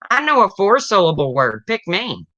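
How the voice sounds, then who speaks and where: Eager, cheeky little schoolboy, voiced by a streamer, bright and lively. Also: medium pitch, measured pace. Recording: dull slightly lo-fi stream audio.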